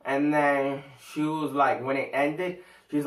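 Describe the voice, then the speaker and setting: Slow, rambling teen guy in a roomy room. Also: a little high, flat delivery, recorded from a distance. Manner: slangy and rambling, full of fillers. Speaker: vlogger. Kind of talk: casual storytime vlog.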